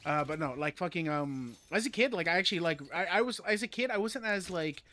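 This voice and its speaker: Male streamer in his thirties, bright, slightly high voice, rambly and excitable. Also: brisk, slight background noise. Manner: rambling, excitable, swears, many fillers. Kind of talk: casual gaming stream chat.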